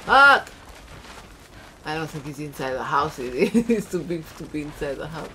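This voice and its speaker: A woman's voice: low-pitched, animated, moderate pace, a little hiss or hum. A woman casually commenting while playing a video game, laughing often and swearing freely. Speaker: gameplay streamer. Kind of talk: casual let's-play commentary. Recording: game music behind voice.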